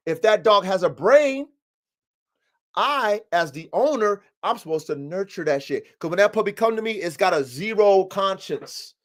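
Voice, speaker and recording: A man hosting a casual livestream podcast about dogs, talking in a profane, emphatic, preaching way. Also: sits high. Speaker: podcast host and dog breeder.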